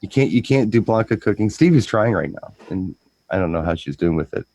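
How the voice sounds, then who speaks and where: A man's voice: lowish voice, lively intonation, darkish tone, no room sound. A man who works as a DJ, talking casually in a rambling way. He repeats words as he goes and drifts into stories. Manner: rambling storyteller, repeats words, breaks into quick impressions. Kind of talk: casual chat.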